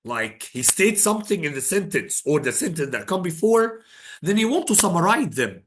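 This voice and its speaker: A man's voice: fairly high pitch, very animated, moderate pace, a little hiss or hum. A man teaching an exam prep lesson in English, dropping Arabic phrases in and repeating his key points for emphasis.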